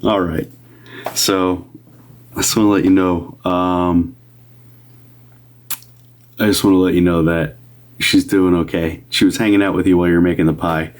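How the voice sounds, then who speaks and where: A man doing live medium readings chats casually with viewers on a livestream, greeting them upbeat and sometimes dropping to a soft whisper. His voice is low with little pitch movement, and he speaks at a normal speed, pausing often.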